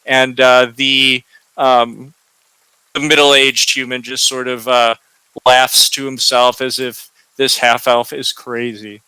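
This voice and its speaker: A man's voice: medium pitch, little pitch movement, slow, bright, forceful tone, smooth, dry recording, poor audio. A man narrating a tabletop game as game master, hesitant with many fillers.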